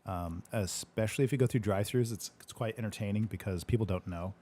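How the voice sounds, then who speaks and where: Male stream host, low voice, laid-back joking banter, swears freely. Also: fast, dark tone. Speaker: livestream Q&A host. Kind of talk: casual livestream chat. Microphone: livestream microphone.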